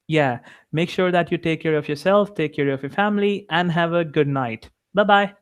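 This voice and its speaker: A man's voice: fairly high pitch, normal speed, clear, resonant tone. A young man with an Indian English accent, an English tutor giving an upbeat, encouraging one-on-one lesson over a video call. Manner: encouraging, upbeat, many "like" fillers.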